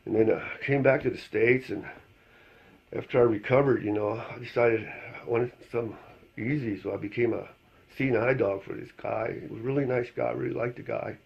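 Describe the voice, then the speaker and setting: A boastful, easygoing talking dog, as a man puts him on, rambling on about his old war days. The voice is gravelly and husky, with a steady middle pitch. It comes through a dull, lo-fi recording. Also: fairly quick. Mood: laid-back. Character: laid-back male talking dog, war veteran, boastful.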